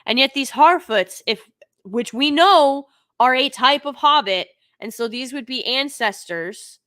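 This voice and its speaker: A woman's voice: high-pitched, animated, measured pace, a bit bright. Emphatic woman ranting on a live review. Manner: emphatic, repeats points over and over; exasperated, critical. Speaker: host of a live review stream. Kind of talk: live-streamed TV review, off-the-cuff rant.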